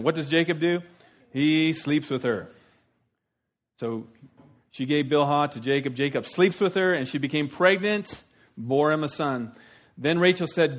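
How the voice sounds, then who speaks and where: A middle-aged man preaching a sermon, telling the story in a folksy, animated way with sudden loud outbursts. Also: on the high side, normal speed. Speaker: pastor.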